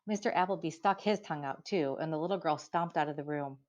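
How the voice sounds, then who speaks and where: Woman narrating a storybook, low voice. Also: quick pace, darkish tone. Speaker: audiobook narrator. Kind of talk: scripted narration. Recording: dull lo-fi recording.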